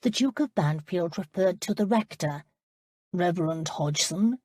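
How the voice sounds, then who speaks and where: A woman reads an audiobook in a steady, measured way at medium pitch. It's scripted narration, recorded cleanly in a studio with no room sound.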